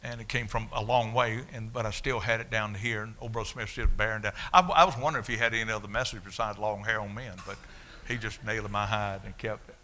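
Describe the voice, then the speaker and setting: An older man preaching his testimony in a folksy, animated storytelling way. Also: lowish voice, quick pace, hardly any pauses. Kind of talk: sermon testimony.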